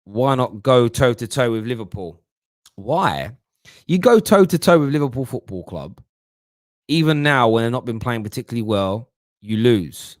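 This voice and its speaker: A man hosting a live football fan show, reading viewer comments and answering them in animated, slangy casual chat. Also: mid-range voice, moderate pace, dry recording, studio quality. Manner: animated, mocking put-on voices, London slang like "bruv". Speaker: football talk show host.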